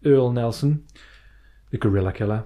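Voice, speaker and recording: A man co-hosting a chatty podcast, his voice sitting at an ordinary middle pitch. He is excitable and jokey, swearing freely as he banters with his co-host over a home setup. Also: normal speed. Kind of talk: casual banter.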